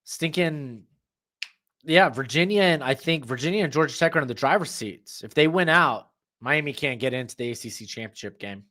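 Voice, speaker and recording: A man's voice: fairly high pitch, animated, normal speed, bright, forceful tone. A young man, chatting casually and jokily as he hosts a football watch-along stream, reading chat and reacting to plays. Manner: rambling, jokey, talks to chat and his dog.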